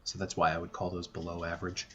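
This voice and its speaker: Low-voiced male gaming creator, laid-back voice-over commentary, faint hiss behind. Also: quick pace, lo-fi sound. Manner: relaxed, thinking aloud with frequent "uh" and restarts. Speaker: gaming YouTuber. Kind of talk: gameplay commentary.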